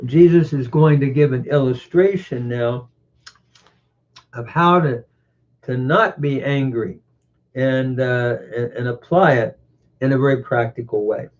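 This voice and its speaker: Guy going over bible grammar real slow, lots of uhs and restarts, kinda muffled audio. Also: medium pitch. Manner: slow, deliberate, with frequent pauses and self-corrections. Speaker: Bible teacher. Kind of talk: scholarly scripture reading with grammar commentary. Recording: muffled lo-fi recording.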